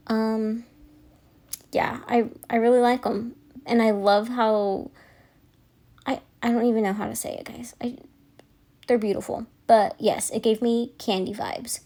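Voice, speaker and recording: A woman's voice: on the high side, a little mellow. A young woman chatting in a casual voiceover, rambling and chatty, apologizing for how much she talks. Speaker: nail vlogger.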